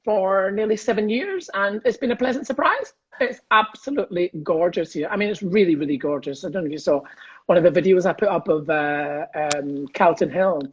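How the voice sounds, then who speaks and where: A man's voice: high voice, fairly quick, slightly rough, muffled recording. Cheeky Scottish man in his fifties. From Scotland. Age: 50s. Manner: cheeky, rambling, laughs at his own jokes. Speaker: comedian guest. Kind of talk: casual livestream chat.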